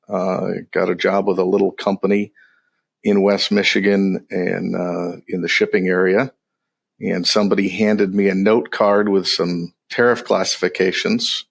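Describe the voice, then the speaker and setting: A middle-aged man from the United States, a podcast guest in casual chat, easygoing and halting with many fillers. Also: low voice, gravelly, breathy edge.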